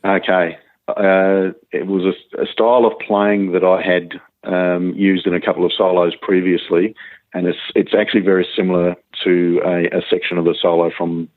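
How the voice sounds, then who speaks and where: A male guitarist chatting in an interview, halting, with many restarts and fillers. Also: sits low, little pitch movement, no echo. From Australia. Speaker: guitarist guest. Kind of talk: casual interview chat. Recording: tinny phone-like line.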